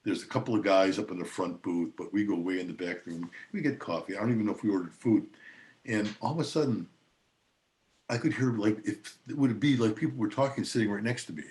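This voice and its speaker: Older man, low voice, relaxed anecdotal storytelling, frequent laughs. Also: a little fast. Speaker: attorney and podcast guest. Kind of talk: casual storytelling.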